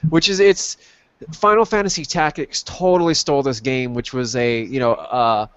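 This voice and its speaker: A man hosting a casual chat about old games, rambling with many pauses and ums. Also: mid-range voice, steady tone, clear, resonant tone, no echo. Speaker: podcast host. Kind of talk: casual chat over gameplay. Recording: dull lo-fi sound, dry.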